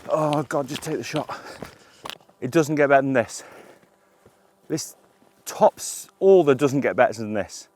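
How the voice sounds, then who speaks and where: A middle-aged man, a landscape photographer, talking through his shots outdoors on a hillside, with excited, breathless bursts of wonder. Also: medium pitch, unhurried, no room sound. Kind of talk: outdoor vlog narration.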